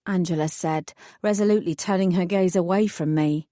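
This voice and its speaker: A woman reading a first-person fantasy audiobook in a wry, measured storytelling manner. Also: lowish voice, warm tone, no room sound, clean studio sound. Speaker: audiobook narrator.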